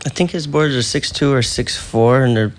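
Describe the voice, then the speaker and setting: A middle-aged man talks shop in an easygoing, casual way, chuckling often. His voice sits at an ordinary pitch, neither high nor low. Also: moderate pace. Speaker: guest surfboard shaper. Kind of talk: casual radio chat. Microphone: phone line.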